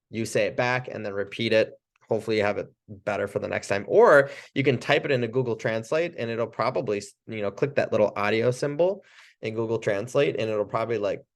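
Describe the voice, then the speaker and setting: A man with a mid-range voice leads a relaxed training session. He talks in a loose, chatty way, restarting his sentences and laughing easily. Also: mid-range voice. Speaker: chiropractic trainer. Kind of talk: casual training talk.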